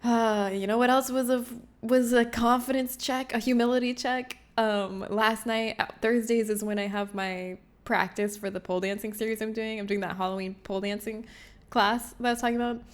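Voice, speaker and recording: A woman's voice: a little high, steady tone, normal speed. A young woman hosting a livestream, chatting with her viewers in a bubbly, self-mocking way and laughing often. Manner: reads chat messages aloud. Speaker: livestream host. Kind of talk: casual chat with chat readers.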